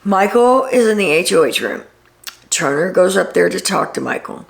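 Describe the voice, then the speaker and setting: Low, gravelly woman host; casual gossipy recap with dry sarcastic asides. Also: expressive, moderate pace.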